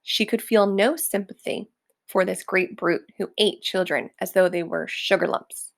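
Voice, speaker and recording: Woman reader for a storybook, slow deliberate pace, slight vocal fry. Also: medium pitch, steady tone. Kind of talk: reading a children's book aloud.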